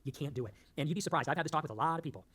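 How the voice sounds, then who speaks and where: A political show host fires off a rambling, emphatic monologue at great speed, losing his thread and tossing in jokes along the way. His voice is fairly high, a bit bright and slightly rough.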